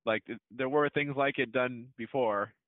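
A man talks loosely, filling his sentences with "uh" and "like" as he chats with a friend. His voice comes through a narrow, phone-like line in a dry, close room. His pitch sits in the middle for a man. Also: moderate pace, no room sound. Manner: rambling, with many fillers and laughs. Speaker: podcast co-host. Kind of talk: casual chat about a film trailer. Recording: dry, tinny phone-like sound.

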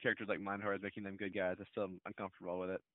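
A man's voice: deep voice, flat delivery, very fast, no room sound. A man co-hosting a casual chat, rambling a little, with many fillers and short laughs. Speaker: podcast co-host. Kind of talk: casual chat about a film trailer. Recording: dry, tinny phone-like sound.

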